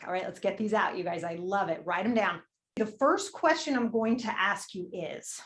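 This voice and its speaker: A woman's voice: medium pitch, moderate pace. A woman leading a money-mindset workshop, candid and emphatic, swearing casually and repeating a prompting question. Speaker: workshop leader. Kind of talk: motivational workshop talk.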